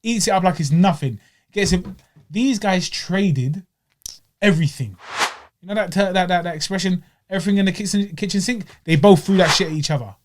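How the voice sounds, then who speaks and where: A young man from bantering on a podcast in heavy slang, teasing his co-host between fight recaps. His voice sits a little higher than most men's. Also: brisk, noisy background. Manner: playful banter, London slang. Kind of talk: casual chat.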